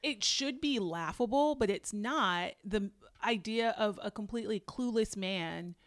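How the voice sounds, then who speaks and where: A chatty woman co-host recapping in casual talk, agreeable and easy to laugh. Her voice sits at a middling pitch. The sound is dry and close, with no room around it. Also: a little slow, no echo. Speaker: podcast co-host.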